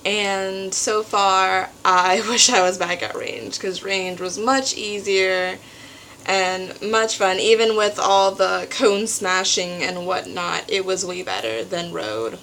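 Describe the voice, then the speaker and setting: A teenage girl vlogging at home, telling a story in an animated way and acting out what others said. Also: mid-range voice, slow, a little hiss or hum, rough recording. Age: teens. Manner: animated storytelling, acts out quotes. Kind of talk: casual venting vlog.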